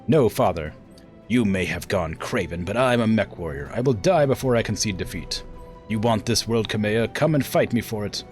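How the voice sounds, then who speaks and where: Guy reading a proud ruthless young warrior woman from a game, english accent, fierce, kinda low-key delivery. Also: expressive, moderate pace, soft background music, natural voice. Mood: defiant. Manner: fierce, defiant, clipped threats. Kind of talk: reading game dialogue aloud.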